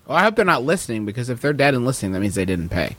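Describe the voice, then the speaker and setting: A man's voice: mid-range voice, big pitch swings, rapid-fire, fairly bright tone, a little hiss or hum. A man co-hosting a comedy podcast, rambling and joking playfully in casual banter. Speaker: podcast co-host.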